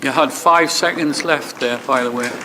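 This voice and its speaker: A man's voice: mid-range voice, background noise. A man chairing a council meeting, calling the vote and reading out the tally. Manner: brisk procedural announcements.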